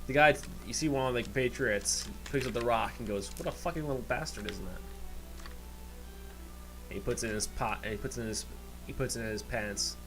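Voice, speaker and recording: Male game master, mid-pitched, halting narration. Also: steady tone, over music, poor audio. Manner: halting, many fillers and restarts.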